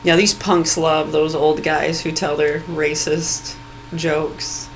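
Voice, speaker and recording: In a low-quality phone video, a vlogger vents angrily, cursing and sarcastically mocking people with sudden laughs. Her voice sits low, keeps a level tone, and moves at a slow pace over slight background noise.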